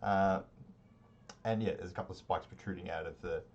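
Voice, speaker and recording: Deep-voiced man running a tabletop game. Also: a little fast, lo-fi sound, slight background noise. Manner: relaxed, rambling narration with many fillers. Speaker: game master.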